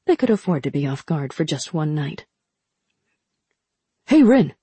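A woman narrating a novel in a steady, measured reading. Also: deep voice, husky, no room sound. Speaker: audiobook narrator. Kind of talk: scripted narration.

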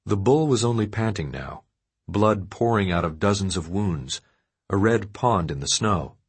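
A man narrates a dark, violent story in a steady, measured audiobook reading. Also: fairly low pitch, breathy edge. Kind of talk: scripted narration of dark fiction.

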